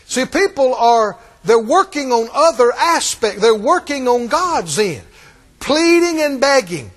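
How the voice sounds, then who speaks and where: Male preacher, very high and animated delivery, emphatic repetition, long church reverb. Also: a little slow. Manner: emphatic, repetitive, call-and-response. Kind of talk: sermon.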